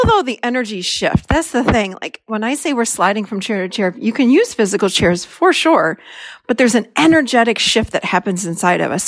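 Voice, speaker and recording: A woman's voice: on the high side, no room sound, clean studio sound. A middle-aged woman hosting a podcast, telling a personal story as a lesson and acting out her own past lines with animation. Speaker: podcast host and therapist.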